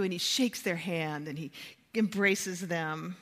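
A woman preaching a sermon, retelling a story with dramatic swings in pitch and volume. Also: slow pace, a bit bright. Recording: long hall reverb.

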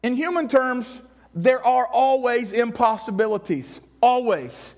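Pastor guy with a really high voice, preaching hard, repeats himself, keeps asking the crowd questions. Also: lively intonation, unhurried. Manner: emphatic, repeats phrases, rhetorical questions to the congregation. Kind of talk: sermon. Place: church.

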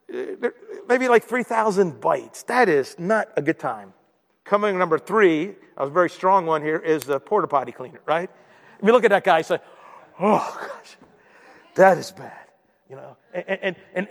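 A man preaching a sermon as pastor, talking to the room in a conversational way and often asking the congregation "right?". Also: sits high. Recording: long hall reverb.

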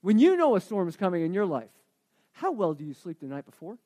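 A man preaching a sermon, asking the congregation questions and swinging between emphatic declarations and quiet reflection. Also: high voice, huge pitch swings, fairly quick.

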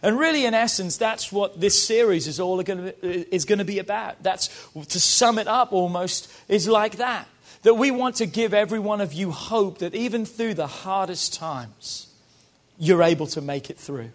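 A man's voice: high voice, moderate pace. A British man preaching as a pastor, rousing and calling on the congregation to repeat lines after him. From Britain. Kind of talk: sermon.

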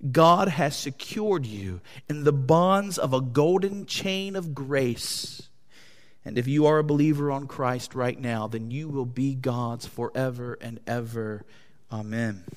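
Guy preaching a sermon, gets loud then drops way down, echoey church. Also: slow. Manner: impassioned preaching with wide swings in pitch and loudness. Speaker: pastor. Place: church hall. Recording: long hall reverb.

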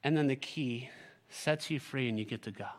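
A male pastor with a medium-pitched voice preaches at a normal speed. He's animated and joking, tossing in sarcastic asides while reading scripture aloud and leading the congregation.

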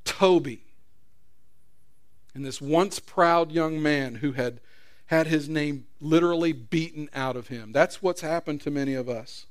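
A middle-aged man preaching a sermon as pastor, an earnest storyteller who swings from loud emphasis to quiet prayer. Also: a little high, moderate pace.

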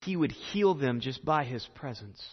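A man preaching a sermon earnestly, repeating phrases and pausing for effect. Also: mid-range voice, animated, breathy edge, big-room sound, lo-fi sound. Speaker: pastor.

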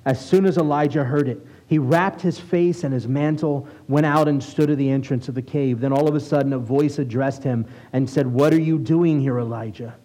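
A man preaching a sermon as a rabbi, conversational and asking his listeners questions, reading scripture aloud slowly. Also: mid-range voice, mellow, rough recording. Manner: conversational, asks the congregation questions.

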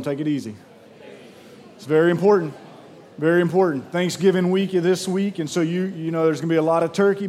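Male pastor, high voice, energetic conversational sermon delivery. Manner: energetic, conversational, storytelling with a drawl.

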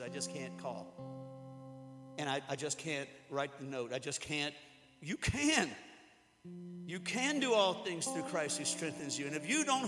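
A man preaching a sermon to a room, talking casually, joking and acting out little quotes. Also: a little high. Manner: conversational, joking, with acted-out quotes. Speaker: pastor. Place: church hall before an audience. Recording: hall reverb with music behind.

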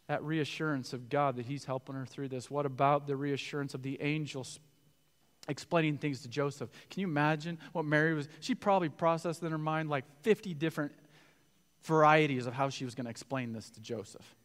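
Male pastor, high bright voice, animated sermon delivery, long hall reverb. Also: a little fast. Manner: animated, acts out quoted voices with big swings in loudness.

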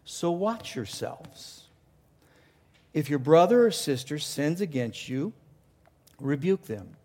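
A man's voice: a little high, big pitch swings, takes it slowly, a little mellow. A male pastor preaching a passionate sermon, asking rhetorical questions and often restarting his sentences. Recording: long reverb of a large hall.

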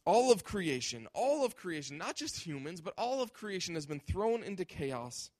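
A man's voice: high-pitched, very animated, normal speed, few pauses, a little mellow, no echo. A male pastor preaching a sermon with emphasis, often acting out imagined voices.

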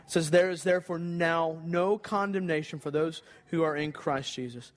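A man's voice: a little high, steady tone, moderate pace. A man preaching a sermon, earnest and emphatic, repeating key phrases for weight. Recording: long hall reverb.

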